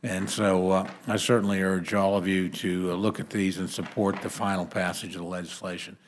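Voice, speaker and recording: Earnest, somewhat low-voiced congressman. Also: flat delivery, slight background noise. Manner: measured, many "uh" fillers, earnest. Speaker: congressman testifying at a committee hearing. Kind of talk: formal committee remarks. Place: committee hearing room.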